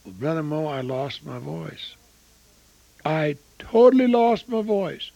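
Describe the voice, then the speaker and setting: A man in his eighties preaching a storytelling sermon, swinging between loud exclamations and hushed asides. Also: fairly high pitch, big pitch swings, slow, vocal fry, dry recording, dull audio. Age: 80s.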